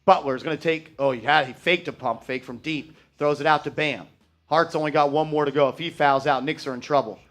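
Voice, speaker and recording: A man hosting a fan live stream, calling play-by-play and getting loud and profane when his team messes up. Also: fairly high pitch, fairly quick. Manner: excitable, shouts and swears at bad plays.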